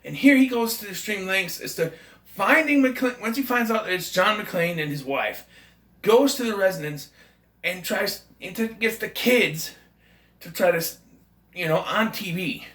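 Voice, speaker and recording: A man's voice: sits high, lively intonation, unhurried, a bit bright, roomy sound. A man giving a casual, rambling, enthusiastic movie review, often correcting himself mid-sentence. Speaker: film reviewer.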